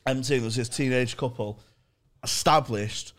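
A man's voice: mid-range voice, moderate pace. A man co-hosting a podcast in a casual chat, telling stories with lots of swearing and laughter. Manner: swearing, animated storyteller. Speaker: podcast co-host.

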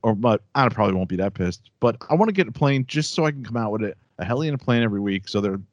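A man's voice: lowish voice, expressive, rapid-fire, dry recording, lo-fi sound. Heated, rambling man telling a story. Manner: rambling, with many restarts and fillers. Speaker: podcast host. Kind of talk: casual chat, storytelling.

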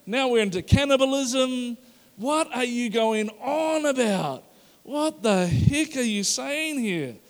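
A man preaching a sermon, animated and acting out the voices of the crowd. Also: very high-pitched, slow pace. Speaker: pastor. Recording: long hall reverb.

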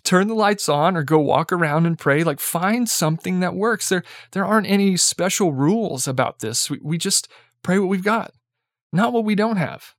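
A young man delivers a casual, chatty sermon in a slightly higher voice, sprinkling in "like" and "right?" and chuckling lightly as he goes. The sound is close and dry. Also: moderate pace, no echo. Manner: conversational, peppered with "like" and "right?"; chuckles lightly while speaking. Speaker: preacher.

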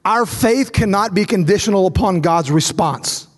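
A man in his thirties preaches from a church stage with a high, urgent voice. He builds line upon line in fervent repetition and acts out little scenes as he tells stories. His voice rings out through the long reverb of a big auditorium. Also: normal speed. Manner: storytelling, acting out dialogue. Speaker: pastor. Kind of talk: sermon. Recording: long reverb of a large hall.

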